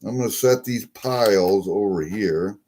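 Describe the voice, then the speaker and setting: Fairly low-pitched and warm, this man's voice moves a little slowly, with a faint hiss or hum in the recording. He's a coin collecting vlogger casually showing off coins from a freshly opened package, talkative, quick to delight, and muttering to himself.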